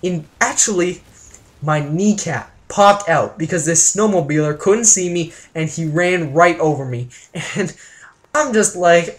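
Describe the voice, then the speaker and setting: Young man, vlogger from canada, joking exaggerated storytelling, slightly higher voice. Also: unhurried. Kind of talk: casual storytelling vlog.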